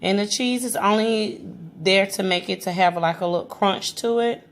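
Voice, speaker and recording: A woman's voice: medium pitch, normal speed. A woman vlogger talking viewers through a home cooking tutorial in a chatty way, calling them guys and stammering now and then.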